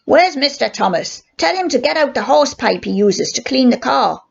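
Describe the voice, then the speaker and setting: A woman's voice: high-pitched, big pitch swings, moderate pace, creaky, breathy edge, lo-fi sound, pitched above the performer's own voice, full character voice. An older woman reading aloud, voicing a bossy village policeman who barks orders. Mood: barking. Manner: barking orders.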